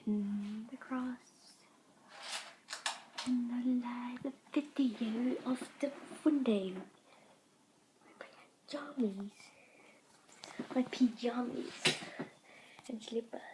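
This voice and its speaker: A young woman rambling in a casual vlog, often dropping into soft whispers. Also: medium pitch, noisy background. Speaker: vlogger.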